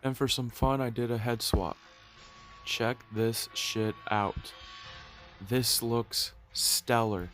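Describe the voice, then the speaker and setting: A man's voice: mid-range voice, fairly even intonation, slow pace, a bit bright, soft background music. Stuffy-nosed man reviewing toys. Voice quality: nasal. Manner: chatty, swears casually. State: stuffy nose. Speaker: toy review vlogger. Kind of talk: casual video review.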